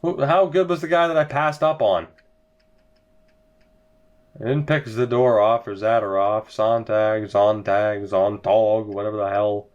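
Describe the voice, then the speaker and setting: A young man narrates his video game session with weary sarcasm, drifting from one grumble to the next. He talks at a slow, drawn-out pace in a voice of middling pitch. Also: dull audio. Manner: exasperated, sarcastic, rambling. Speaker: gaming video creator. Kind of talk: let's-play commentary.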